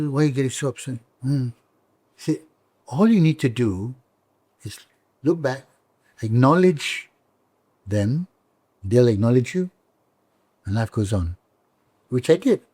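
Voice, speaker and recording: Animated Malaysian English man telling stories. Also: medium pitch, breathy edge, dry recording. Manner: animated storyteller, acts out quoted voices. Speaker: comedian guest. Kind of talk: casual interview chat.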